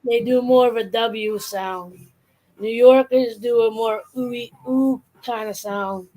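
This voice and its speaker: A woman with a Boston accent in casual chat, rambling and animated as she imitates accents. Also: on the high side, takes it slowly, low-quality recording. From Boston area, Massachusetts. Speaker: streamer, co-host.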